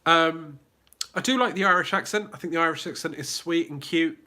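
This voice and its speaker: This is a southern-accented man from England hosting a laid-back live Q&A stream, chatty, reading the chat aloud, full of fillers and restarts. His voice is on the high side, bright and forceful, and a little fast.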